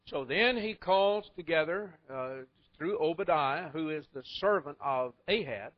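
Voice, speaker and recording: A man preaching a sermon, retelling stories in a folksy way with wry asides and chuckles. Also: on the high side. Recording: muffled lo-fi recording.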